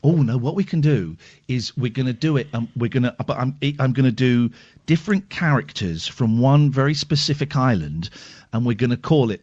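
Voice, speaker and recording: A male radio host in casual, playful, self-mocking banter, drawling some words and rushing others. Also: medium pitch, lively intonation, a little mellow. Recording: lo-fi radio broadcast.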